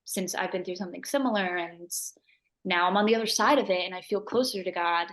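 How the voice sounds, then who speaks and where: A woman sharing a personal story in a casual interview, animated and acting out what others said. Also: lowish voice, a little fast. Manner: animated, acts out quoted voices, laughs often. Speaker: mission trip member.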